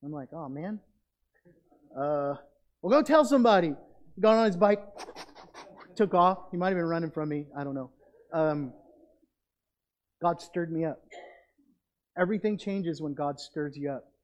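Energetic preacher man, lo-fi. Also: on the high side, moderate pace, long pauses. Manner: energetic preaching, swings from loud exclamations to quiet asides. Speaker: youth pastor. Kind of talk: youth sermon with object lesson.

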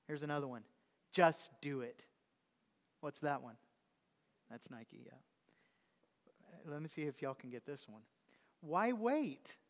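Guy preaching in church, kinda high voice, joking around w the crowd, long echo. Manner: conversational, teasing the congregation with questions. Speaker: pastor. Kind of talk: sermon. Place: church sanctuary.

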